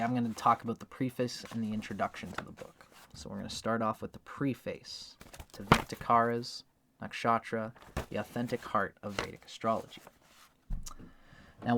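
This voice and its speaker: Male teacher, mid-pitched, casual lecture voice, acts out his examples. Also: a little hiss or hum. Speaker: astrology teacher. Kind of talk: casual spoken book review.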